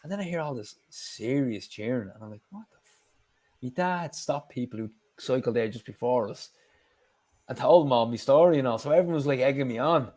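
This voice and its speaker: A man's voice: mid-range voice, animated, fairly quick, darkish tone. An Irish man, a guest on a show, telling a story in casual chat, with lots of fillers and the odd swear word.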